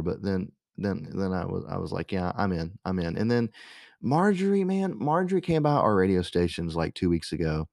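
A young man with a drawl rambles through a story, full of fillers, restarts and asides. His voice sits on the low side and sounds close and dry, with no room around it. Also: a little mellow, dry recording. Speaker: radio host. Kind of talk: casual storytelling monologue.

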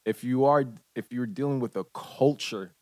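Haitian-accented male host, relaxed chatty read, mid pitch, dry room. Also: no room sound. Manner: laid-back, laughs often, reads the intro haltingly. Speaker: podcast co-host. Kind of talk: casual podcast chat.

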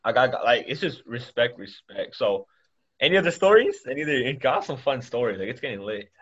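A man hosting a podcast in casual chat, quick to interject and saying bro a lot. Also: mid-range voice, animated, a bit bright, slightly rough, highs cut off. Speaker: podcast host.

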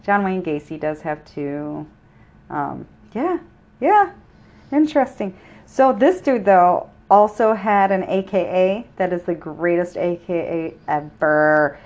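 A woman co-hosting a casual true-crime podcast, telling stories in a joking, animated way and swearing freely. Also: lowish voice, takes it slowly. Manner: profane, joking, animated storytelling. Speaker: podcast co-host.

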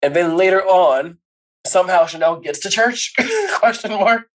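A man co-hosting a casual podcast, recapping a movie with lively storytelling and playful asides. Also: sits high, a little slow, poor audio. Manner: animated storytelling, acts out characters' lines with laughs. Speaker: podcast co-host.

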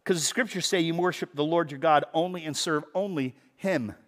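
A man preaching a sermon in a conversational, animated way, with sudden loud bursts for emphasis. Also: on the high side, normal speed. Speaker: pastor. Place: church sanctuary.

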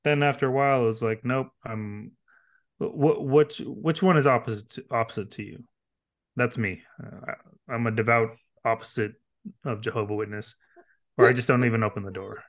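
A man's voice: mid-range voice, normal speed. A man co-hosting a casual podcast, rambling and stammering through his points. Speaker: podcast co-host. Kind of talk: casual chat.

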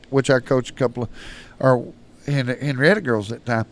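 A man's voice: mid-range voice, brisk. A man telling blunt, profane stories in casual chat, acting out both sides of old arguments. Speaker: podcast guest. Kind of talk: casual storytelling.

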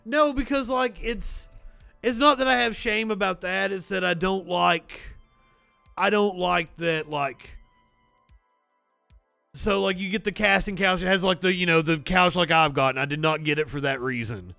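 A man's voice: high voice, vocal fry, bright, forceful tone, clear, resonant tone, dry recording, faint music behind. Rambling, profane male host. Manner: rambling, profane, self-deprecating, halting restarts. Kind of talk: crude comedic banter. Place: home studio desk. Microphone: desk mic with soundboard.

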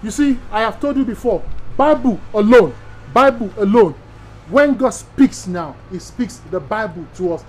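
Emphatic Nigerian pastor preaching. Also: male voice, high-pitched, animated, normal speed, hardly any pauses, poor audio. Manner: emphatic, repetitive, rhetorical questions. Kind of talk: teaching sermon to pastors.

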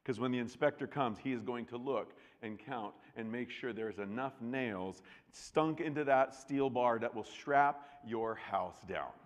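A middle-aged man preaching a sermon, telling a story with lively acted-out voices. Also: medium pitch, a little slow, few pauses. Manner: animated storytelling, acts out voices. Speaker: pastor. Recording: long reverb of a large hall.

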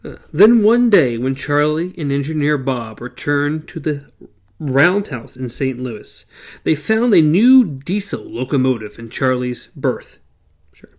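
A man's voice: on the high side, big pitch swings, measured pace. A man hosting a podcast, casually reading a storybook aloud in a playful way and stumbling over words now and then. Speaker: podcast host.

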